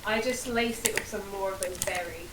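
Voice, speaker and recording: A woman's voice: medium pitch, moderate pace, reverberant, noisy background. A woman playing in a casual tabletop game, eager and full of questions. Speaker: player.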